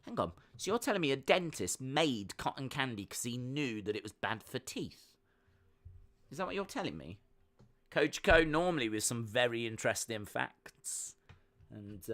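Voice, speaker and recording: A man's voice: medium pitch, a bit bright. A man hosting a fight-night watch-along stream, chatting casually, reading chat messages and making jokey asides.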